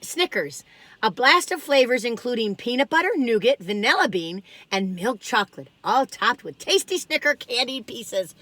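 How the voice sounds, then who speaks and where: Parked in her car, a food review vlogger chats alone, rambling through stories and exclaiming often. Her voice runs on the high side, bright and forceful, in a dry recording.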